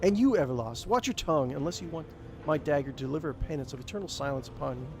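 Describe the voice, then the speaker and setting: A hot-headed young wolf warrior from a game, voiced by a man, short-tempered and clipped, delivering his threats in a fairly high voice over faint music. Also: expressive, fast talker, a little mellow. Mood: threatening.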